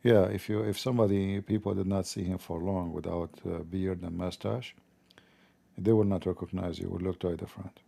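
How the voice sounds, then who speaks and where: A man's voice: low-pitched, fairly even intonation, brisk, vocal fry, mellow. A man hosting a live stream, chatting casually, joking and laughing often, with loose non-native grammar.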